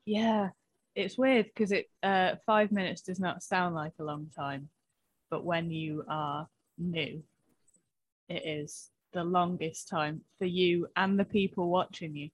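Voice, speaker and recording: A woman's voice: lowish voice, steady tone, a little hiss or hum. A woman, a stand-up comedian chatting casually, blunt and sweary. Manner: blunt, sweary, quick to laugh. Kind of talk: casual chat between comedians.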